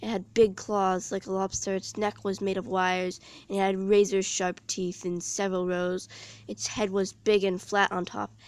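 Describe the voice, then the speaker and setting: A woman reading her own storybook aloud, slowly and carefully, with small slips. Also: medium pitch, little pitch movement, a little mellow, clear, resonant tone.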